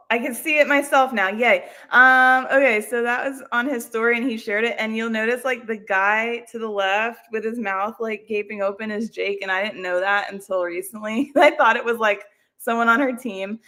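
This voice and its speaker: A woman's voice: fairly high pitch, sharp tone. A woman hosting a casual livestream, rambling and chatty, laughing often and poking fun at herself. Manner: self-deprecating. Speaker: livestream host. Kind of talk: casual chat.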